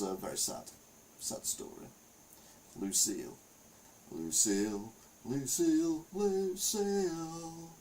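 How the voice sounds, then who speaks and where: A man's voice: mid-range voice, low-quality recording. Older guy on a live stream, reads the news, dry little jokes in between, lots of ums. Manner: reads headlines aloud with wry deadpan asides and frequent ums. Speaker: host reading out the week's news.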